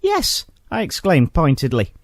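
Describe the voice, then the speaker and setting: A man's voice: a little high, wildly swooping pitch, unhurried, heavily acted. A man voicing a prim, indignant mother who complains to a shop clerk and slips into swearing. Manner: indignant, genteel then sweary.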